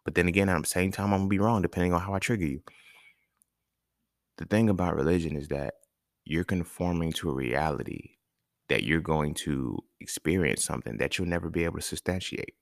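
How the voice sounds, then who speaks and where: Male podcast host, very low gravelly voice, blunt profane rant, dry close mic. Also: dry recording. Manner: blunt, profane, animated rants with rhetorical questions. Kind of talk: casual solo podcast monologue.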